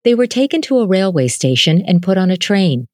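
A woman narrating a short story in a measured, gentle reading voice. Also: mid-range voice, big pitch swings, no room sound, studio quality.

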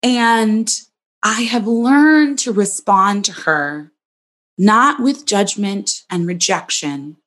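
A woman hosting her own podcast, speaking in a gentle, soothing, reflective monologue. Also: mid-range voice, gravelly. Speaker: podcast host and psychologist.

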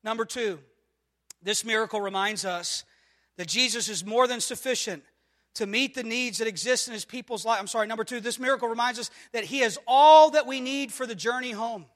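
A man preaches a sermon in a very high voice. His tone is bright and ringing. He moves from low, searching questions to loud, emphatic declarations. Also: fairly quick. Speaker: pastor.

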